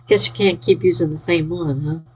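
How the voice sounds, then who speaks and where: A woman's voice: fairly low pitch, darkish tone, breathy edge, low-quality recording. A sleepy, yawning woman chatting casually on a live stream, reading out and cheering viewers' chat messages. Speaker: livestreamer.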